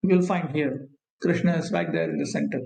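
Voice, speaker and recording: A man teaching a scripture class, reading verses, chanting Sanskrit slowly, and explaining with many pauses and fillers. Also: a little high, creaky, a little mellow, a little hiss or hum. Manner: frequent fillers and pauses, repeats points. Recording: echoey room.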